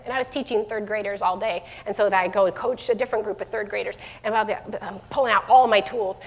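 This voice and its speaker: Speaking briskly to an audience of parents, a middle-aged school division head delivers a live parenting presentation. Her slightly high voice keeps fairly even intonation, the talk is conversational with frequent fillers and restarts, and a long hall reverb fills the room.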